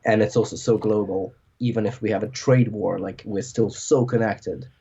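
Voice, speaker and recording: A man's voice: fairly low pitch, steady tone, normal speed, mellow, slightly rough, muffled recording. A man hosting a podcast in casual conversation, rambling with lots of filler words. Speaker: podcast host.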